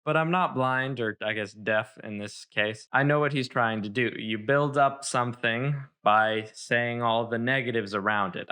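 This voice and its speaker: Smooth-voiced man, dry sarcastic commentary. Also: medium pitch, normal speed, hardly any pauses, pushed and bright. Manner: dry and sarcastic, picks apart wording. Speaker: song reviewer. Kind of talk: lyric analysis commentary.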